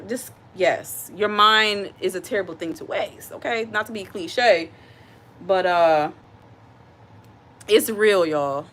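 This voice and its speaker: Cooking in her home kitchen, a livestream host with a medium-pitched, slightly bright voice talks casually to her audience. She reads out viewers' comments and comes back to her points again and again with sincere feeling.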